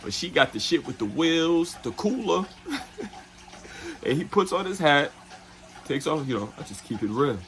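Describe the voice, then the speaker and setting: A very animated travel vlogger with a gravelly, a little high, and a bit bright voice tells a casual travel story. It's loose and profane, heavy with fillers like "you know what I'm saying," and he voices other people's lines in quick put-on impressions.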